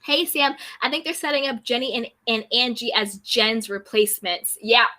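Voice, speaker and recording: A woman's voice: a little high, fairly even intonation, normal speed, bright, forceful tone. A woman hosting a casual live chat, reading viewer comments aloud and answering them. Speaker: YouTube recap host reading live chat.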